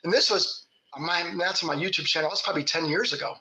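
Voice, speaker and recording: A man's voice: on the high side, fast talker, pushed and bright, reverberant, rough recording. A man from Kentucky, a Bigfoot researcher, telling folksy stories with laughs in casual talk. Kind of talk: casual storytelling.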